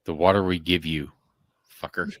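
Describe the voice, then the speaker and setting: A man's voice: deep voice, fairly even intonation, normal speed, fairly bright tone, dry recording. A man co-hosting a hunting podcast, joking crudely and reading the outro. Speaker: podcast co-host. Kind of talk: casual podcast banter.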